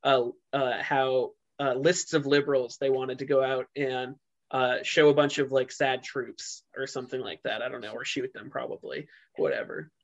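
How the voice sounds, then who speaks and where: A man's voice: mid-range voice, fairly even intonation, normal speed, vocal fry. A man co-hosting a podcast in a casual chat, rambling with lots of fillers and restarts. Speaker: podcast co-host. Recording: dull lo-fi sound.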